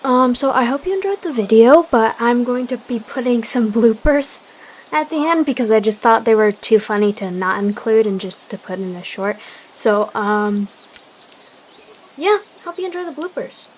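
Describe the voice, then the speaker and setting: A woman softly narrating a casual animal roleplay story and chatting to viewers. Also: on the high side, lively intonation, normal speed. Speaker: storyteller and video creator.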